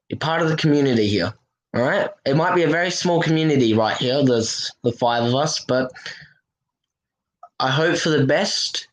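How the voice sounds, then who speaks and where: On a rough recording, a man with a somewhat high voice hosts a casual livestream, speaking earnestly and reassuringly to his viewers and filling his talk with plenty of "you know."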